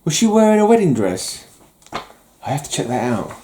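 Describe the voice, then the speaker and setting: A man's voice: a little high, big pitch swings, normal speed, mellow, a little hiss or hum. A man chatting casually about his comics, rambling and joking at his own expense. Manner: rambling, jokey, self-mocking with mock-villain bluster. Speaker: comic collector vlogger. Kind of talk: casual chat.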